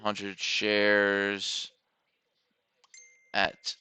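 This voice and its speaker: Slow, crisp-voiced man thinking aloud. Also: on the low side, monotone, sharp tone, soft background music. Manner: self-correcting, muttering to himself over trade entries. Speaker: day trader streaming live trades. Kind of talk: live trading commentary, thinking aloud.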